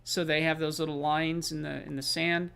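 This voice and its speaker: A man's voice: a little high, little pitch movement, moderate pace, creaky, fairly bright tone, clean tone. A man chatting casually to his stream audience as he plays a game, rambling with lots of fillers.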